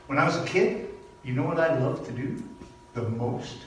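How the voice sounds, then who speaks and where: An older man from Canada giving a personal sermon at a church service, telling stories with animated, emphatic repetition. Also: medium pitch, moderate pace. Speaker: speaker at a spiritual church service. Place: large echoey hall. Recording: very echoey hall from far off, faint noise.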